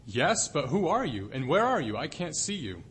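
A frightened man hangs from a branch and yells desperately for help, his voice shooting up high and loud, as a preacher acts him out in a sermon joke. The cries are lively and uneven. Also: moderate pace, a little hiss or hum. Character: panicked man clinging to a cliff branch.

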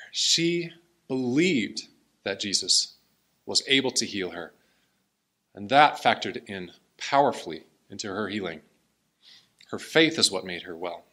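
A man's voice: medium pitch, sharp tone. A man preaching a sermon and reading scripture aloud, in an earnest and emotional way. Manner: earnest, emotional, tearing up at times.

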